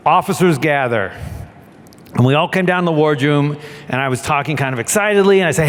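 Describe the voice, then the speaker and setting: Man telling a story on a stage. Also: a little fast. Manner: animated, acts out the voices in his story. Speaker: keynote speaker and former submarine captain. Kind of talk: storytelling keynote talk. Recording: long hall reverb with faint rumble.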